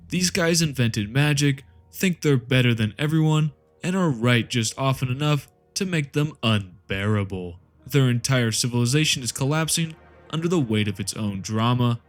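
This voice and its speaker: A man narrating a lore explainer in a comedic, scripted way, full of sarcastic jokey asides. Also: mid-range voice. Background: faint background music.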